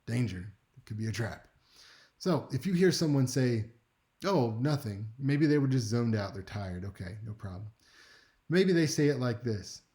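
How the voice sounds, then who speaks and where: A man teaching a speech class in a relaxed, conversational lecture, with wry asides and frequent check-ins with his listeners. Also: mid-range voice, moderate pace. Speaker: speech instructor.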